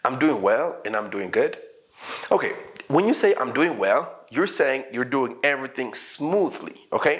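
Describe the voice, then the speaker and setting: A man's voice: mid-range voice, expressive, moderate pace. A man teaching an English lesson, explaining patiently, acting out sample dialogues and asking learners questions.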